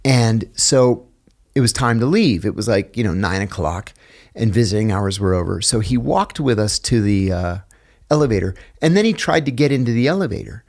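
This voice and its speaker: Here a middle-aged American guest on a podcast recounts personal stories in relaxed conversation, voicing the people he quotes with animation and chuckling at his own material. His pitch is fairly low and his pace moderate.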